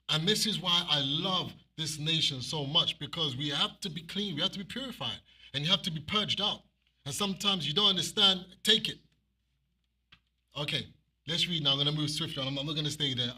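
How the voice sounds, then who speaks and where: A man preaching an animated sermon and reading scripture aloud, with emphatic repeated phrases. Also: a little high, slightly rough.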